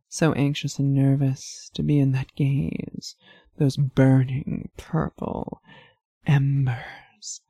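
A woman narrating an erotic story in the second person, in a slow, hushed, low-key way. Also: level tone, slightly rough, no echo.

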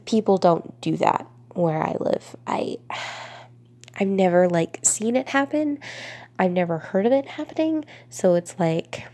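A young woman from Florida with a congested, stuffy voice chats unhurriedly to her viewers. Her fairly low voice carries a gravelly fry, and she often sinks into soft whispers. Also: expressive, measured pace. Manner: soft, drifting into whispers, laughs between answers. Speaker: vlogger. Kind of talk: casual talk to camera.

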